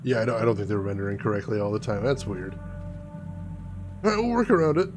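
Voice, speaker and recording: Excitable man with a lively voice. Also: on the low side, a little fast, over music. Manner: excitable, jumpy exclamations. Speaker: gaming streamer. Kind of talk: casual let's-play commentary.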